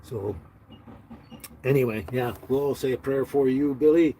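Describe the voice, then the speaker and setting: A man hosting a casual livestream on his phone, talking slowly to viewers with many fillers and halting restarts. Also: medium pitch, warm tone, a little hiss or hum. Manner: slow, halting, sympathetic talk with many fillers. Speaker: livestream host. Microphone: handheld phone.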